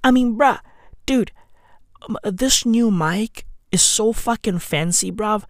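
Slow, dry-voiced woman ranting. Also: medium pitch, no echo. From South Africa. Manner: slangy, sarcastic, heavy swearing, dramatic swings between loud and hushed. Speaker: vlogger. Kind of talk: profane self-mocking vlog rant.

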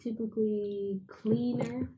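A woman's voice: a little high, flat delivery, takes it slowly, warm tone, a little hiss or hum. A woman co-hosting a podcast, chatting casually and hesitantly, with many fillers and restarts. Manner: hesitant, full of fillers and restarts, laughs easily. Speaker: podcast co-host. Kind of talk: casual chat. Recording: echoey room.

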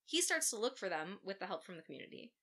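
A woman's voice: mid-range voice, big pitch swings, quick pace, bright, forceful tone. Sarcastic, profane woman telling a crime story. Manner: profane, sarcastic asides while recounting facts. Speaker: podcast co-host telling a true crime case. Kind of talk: casual true crime storytelling.

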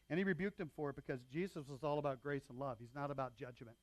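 A man's voice: medium pitch, fast talker, no echo. A man preaching a sermon as pastor, talking in a loose, conversational way with frequent asides to the congregation.

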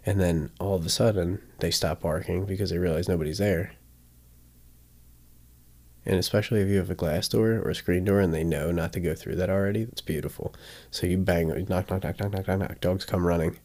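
Deep, gravelly man explaining dog training. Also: steady tone, brisk, darkish tone. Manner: chatty, often checks in with "right?"; acts out examples with sudden bursts. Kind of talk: casual teaching talk.

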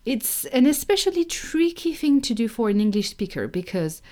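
A young woman from France with a French accent, a native French speaker, giving an emphatic, animated online lesson on pronunciation. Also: a little high, normal speed. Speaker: French teacher.

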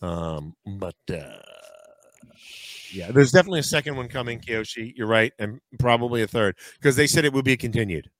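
A man's voice: mid-range voice, animated, a little fast, dry recording. A man co-hosting a casual podcast chat, rambling and swearing with many fillers. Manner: rambling, profane, lots of fillers. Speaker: podcast co-host.

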